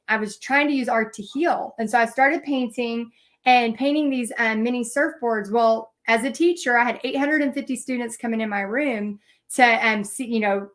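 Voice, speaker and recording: Lady painting live and chatting, high voice, lots of ums and restarts. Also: fairly bright tone. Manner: chatty, frequent fillers and restarts. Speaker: paint party instructor. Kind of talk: live painting lesson with personal storytelling.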